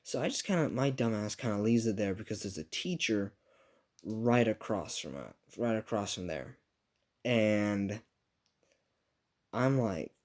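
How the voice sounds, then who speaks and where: A young man telling a rambling, profane, self-mocking story about his school days in a casual vlog. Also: fairly low pitch.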